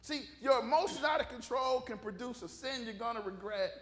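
A man preaching a casual, humorous sermon, animated and conversational, joking with the congregation. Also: extremely high pitch, fairly quick.

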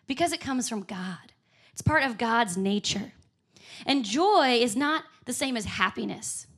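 A woman preaches a sermon in church, upbeat and emphatic, often breaking into a laugh. Her voice sits high and rings bright. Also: lively intonation, unhurried, husky. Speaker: pastor.

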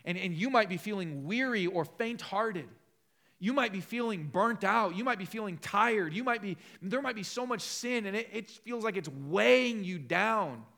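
A man preaching a sermon as pastor, passionate, swinging from loud emphatic peaks to low conversational asides. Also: lively intonation, normal speed, gravelly.

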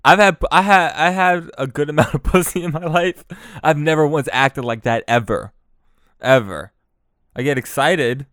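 A man's voice: fairly high pitch, normal speed, smooth, no room sound. Man, podcast host, crude comedy commentary, laughs a lot, dry close mic. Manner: laughs often, excitable, profane.

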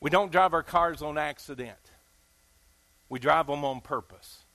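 Bright, high-voiced Southern preacher man. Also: measured pace. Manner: emphatic, folksy, asks the listeners questions. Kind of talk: sermon.

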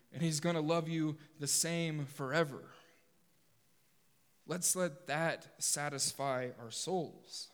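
A man preaching a sermon to his congregation, animated and joking with them now and then. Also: on the high side. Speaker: pastor. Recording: long hall reverb.

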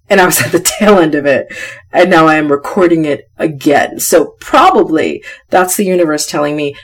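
A woman's voice: low voice, expressive, normal speed. A woman hosting a solo podcast, talking candidly and thinking aloud to her listeners. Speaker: podcast host.

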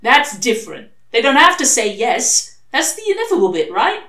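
Woman putting on a high sly demon man, urgent and pushy, storybook reading, echoey room. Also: big pitch swings, sharp tone. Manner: pushy, fast-pressing arguments. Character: sly, persuasive male demon, urgent and relentless.

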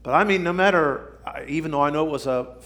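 A man preaching a sermon, swinging from shouting to near whisper for drama. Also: fairly high pitch, fast. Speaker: pastor.

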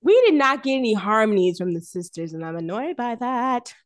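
Animated, laughing woman podcast host. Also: on the high side, a little fast. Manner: animated, laughs often, riffs loudly. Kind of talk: casual film discussion.

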